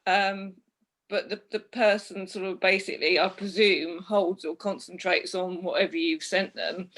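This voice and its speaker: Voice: mid-range voice, steady tone, normal speed, a bit bright. A person in a casual group chat, thoughtfully recounting personal experiences with hesitations. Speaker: group participant.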